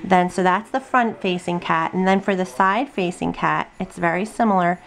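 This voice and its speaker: Tired, chatty woman with gravelly tone. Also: fairly low pitch, normal speed. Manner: rambling, chatty, many ums and asides. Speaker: craft video host. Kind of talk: casual drawing tutorial. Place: home desk. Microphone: camera on tripod at desk.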